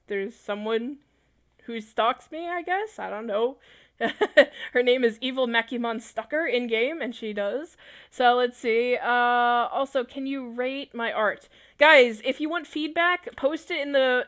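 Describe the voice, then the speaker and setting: A woman's voice: on the high side, a bit bright, clean tone. A young adult woman giving casual livestream commentary while building in a game, chatty and laughing often.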